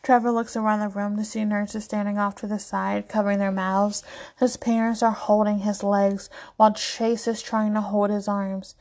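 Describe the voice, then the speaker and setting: A woman reading a story aloud in an even, quick narration with small slips. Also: medium pitch. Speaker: story reader. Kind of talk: reading fan fiction aloud.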